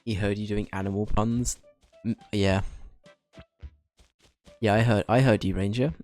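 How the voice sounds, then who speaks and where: A young man with a fairly low voice, chatting casually as he streams a game. He cracks jokes at his own expense and throws in quick asides. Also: fairly even intonation, darkish tone, soft background music. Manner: joking, self-deprecating, quick asides. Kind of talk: casual gaming commentary.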